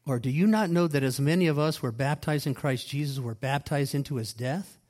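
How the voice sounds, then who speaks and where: This pastor, a man of medium pitch, preaches at a fairly quick pace. Scripture is read aloud and interpreted with forceful repeated phrases, loud accents and quiet asides.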